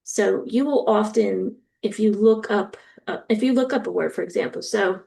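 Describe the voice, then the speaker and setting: A woman lecturer explaining a topic step by step, often pausing with ums and acting out example sentences. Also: mid-range voice, vocal fry, darkish tone. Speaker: university lecturer. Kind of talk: recorded lecture.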